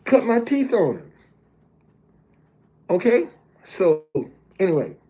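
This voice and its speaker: Man, 50s or older, motivational storyteller, slow delivery, warm mellow voice, repeats words while talking to listeners. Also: high voice, very animated. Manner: halting, repeats words often while building a point; plain-spoken, addresses listeners directly. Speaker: motivational speaker. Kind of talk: storytelling monologue.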